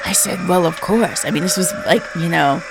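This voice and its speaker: A woman in her thirties hosting a podcast, telling stories casually in a deliberately lowered, spooky voice, chatty and emphatic with lots of fillers. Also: vocal fry, background noise. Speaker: podcast host. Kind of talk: casual storytelling.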